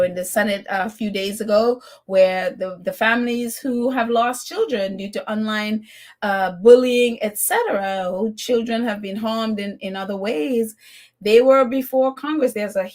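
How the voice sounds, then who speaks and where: A woman hosting a live stream in a casual, chatty way, laughing often and teasing as she talks. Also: fairly high pitch. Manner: teasing, mocking tone. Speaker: live stream host reading viewer comments.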